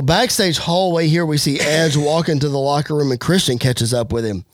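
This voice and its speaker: A man giving energetic play-by-play wrestling commentary over a game. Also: a little high, moderate pace, no room sound, studio quality. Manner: energetic play-by-play, occasional slips. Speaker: game narrator.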